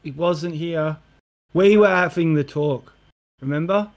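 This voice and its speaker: A man's voice: fairly high pitch, measured pace. A man in an online debate, wry and sarcastic about the insults. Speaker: panelist.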